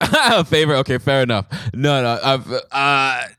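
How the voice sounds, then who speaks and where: A man hosting a podcast in casual chat, laughing often and jumping up in pitch when excited. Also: normal speed, clean tone, dry recording. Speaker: podcast host.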